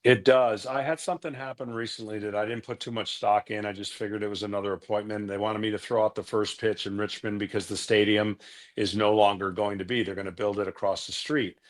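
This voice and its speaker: A middle-aged man, a former pitcher, telling stories from his career in a casual interview, now and then acting out the voices of the people in them. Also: fairly quick. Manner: relaxed, anecdotal, acts out quoted voices.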